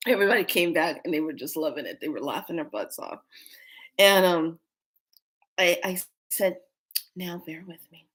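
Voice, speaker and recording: A woman vlogger tells a story in a casual, animated way, often laughing as she speaks. Her voice sits fairly low but swoops widely in pitch, which makes her delivery expressive and bouncy. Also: normal speed.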